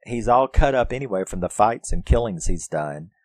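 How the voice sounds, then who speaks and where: In a casual, profane horror film review, a man laughs frequently and reenacts lines, giving the characters put-on voices. His voice is lowish and animated, moving at a moderate pace with a slightly mellow quality, on a dry recording.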